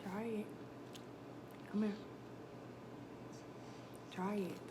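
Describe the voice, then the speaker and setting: A woman's voice: medium pitch, little pitch movement, drawn-out words, noisy background. A woman in her twenties talking casually straight to her viewers, vlogging on a phone camera. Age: 20s. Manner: chatty, speaks straight to viewers. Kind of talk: casual vlog talk to camera. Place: restaurant and hotel, in and out of doors.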